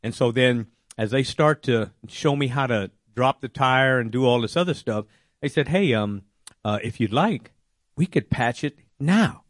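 Man, mid pitch, personal testimony, animated storytelling, voices his own quotes, dry sound. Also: unhurried, no echo. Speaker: testimony speaker.

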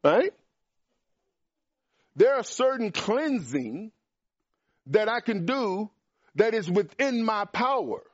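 An emphatic male preacher, climbing higher and louder as he drives points home. His voice sits fairly high for a man. The recording is dull and dry, with no room sound. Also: dry recording. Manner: emphatic, rises in pitch and volume on key points. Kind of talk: sermon with Q&A.

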